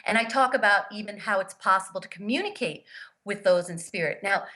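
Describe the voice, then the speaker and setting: A woman's voice: mid-range voice, a little fast. A woman telling personal stories as a guest in an interview, earnest and emphatic, acting out the voices of the people she quotes. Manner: lively storyteller who acts out the voices of the people she quotes. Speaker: guest, grief therapist and author.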